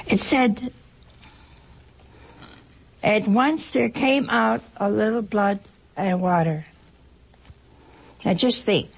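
A woman preaching an emotional sermon, pausing dramatically and dropping at times to a whisper. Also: mid-range voice, creaky, breathy edge.

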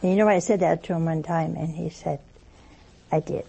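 A woman's voice: deep voice, fairly even intonation, brisk, gravelly, dark tone, slight background noise. An older woman giving a chatty, folksy sermon, telling stories and acting out the dialogue in different voices. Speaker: religious speaker. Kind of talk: storytelling sermon.

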